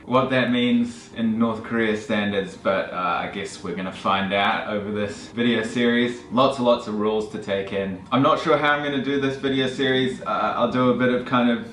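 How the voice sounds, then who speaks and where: A man narrating his travel vlog in a calm, understated way, mixing on-the-spot talk with voiceover. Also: medium pitch, moderate pace, few pauses. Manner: calm, understated, slightly nervous. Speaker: travel vlogger.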